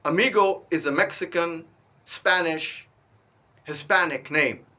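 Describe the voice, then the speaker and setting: Man, vlogger; higher, bright, forceful voice; animated storytelling full of restarts. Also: takes it slowly. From India. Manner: animated, emphatic retelling with many restarts. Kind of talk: personal storytelling to camera.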